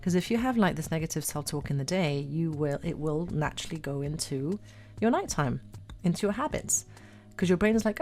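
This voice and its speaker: Low-voiced, animated woman life coach. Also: fast talker, few pauses. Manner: animated, repeats words, acts out self-talk. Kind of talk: casual podcast chat.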